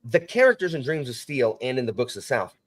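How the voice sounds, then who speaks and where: A man hosting a casual book discussion, talking in an animated, rambling way with frequent restarts. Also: medium pitch, fast. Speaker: podcast host and teacher.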